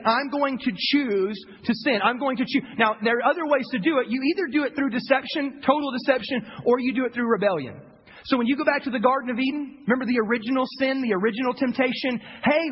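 A man preaching a sermon as a pastor, telling a story in an animated way, repeating words and acting out the people he quotes. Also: very high voice. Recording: dull audio with long hall reverb, faint noise.

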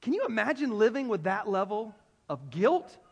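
High-voiced preacher in a reverberant hall. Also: male voice, moderate pace, breathy edge, highs cut off. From South Carolina. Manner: animated storytelling, acts out voices, playful asides. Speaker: pastor. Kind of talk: sermon. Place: large hall before an audience.

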